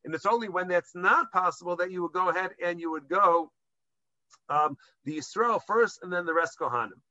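High, bright-voiced man teaching Jewish law. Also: fairly quick, dry recording, muffled recording. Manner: explanatory, mixes Hebrew and Aramaic terms with English; hesitant restarts while explaining. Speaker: rabbinic lecturer. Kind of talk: halacha lesson to a class.

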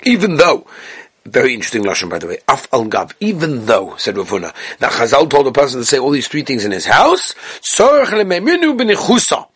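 A man's voice: mid-range voice, very animated, quick pace, fairly bright tone, slightly rough. A man teaching a daily Talmud class, explaining the text with frequent restarts.

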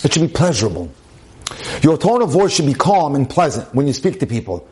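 A man's voice: fairly high pitch, very animated, fairly quick, darkish tone. A man giving a sermon-style talk on marriage, emphatic and full of rhetorical questions. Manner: emphatic, repeats phrases, asks rhetorical questions.

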